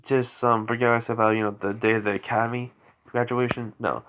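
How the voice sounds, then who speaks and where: A man's voice: mid-range voice, little pitch movement, fast talker, noisy background. A tired man casually telling an unscripted fan story, rambling and correcting himself with many fillers. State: tired, yawning.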